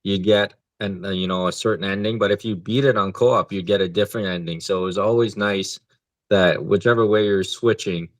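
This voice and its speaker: A man's voice: on the low side, fairly even intonation, fairly quick, dry recording. A man co-hosting a podcast, chatting casually about video games in a laid-back way and swearing freely. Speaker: podcast co-host. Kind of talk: casual gaming chat.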